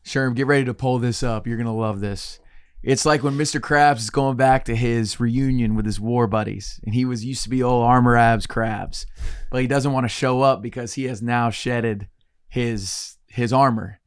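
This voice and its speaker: A man in his thirties with a mid-pitched voice chats on a studio podcast. He ribs his co-host in a playful, teasing way. The sound is dry and close-miked. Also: fairly even intonation, normal speed, clean tone, no echo. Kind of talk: casual chat.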